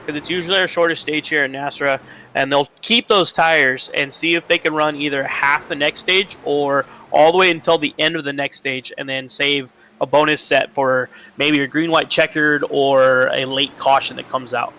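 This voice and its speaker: A man breaks down a sim race as colour commentator, his voice bright and slightly high. He hesitates with fillers, then rushes through his points. His feed over the online call is choppy, with faint noise behind. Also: fairly even intonation, rough recording. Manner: halting and filler-heavy, then quick bursts. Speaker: color commentator. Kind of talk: sim racing analysis.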